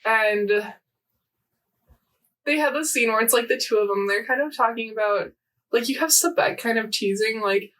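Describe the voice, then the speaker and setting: A woman's voice: on the high side, normal speed, long pauses, a bit bright, far from the mic. A young woman co-hosting a casual podcast, rambling animatedly through a story recap with lots of fillers and quoted lines. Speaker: podcast co-host. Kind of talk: casual chat recapping a game event.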